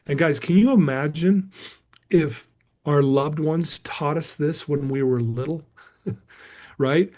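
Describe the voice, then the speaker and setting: A man's voice: fairly high pitch, takes it slowly, long pauses, darkish tone. A middle-aged man, a guest speaker, telling a motivational story emphatically and calling his listeners "guys".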